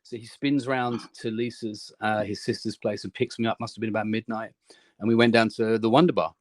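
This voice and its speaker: A man's voice: on the low side, little pitch movement, fairly quick, crowd noise. A man with an English accent, a musician guest telling a rambling anecdote in an interview, full of restarts. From England. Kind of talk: storytelling in interview.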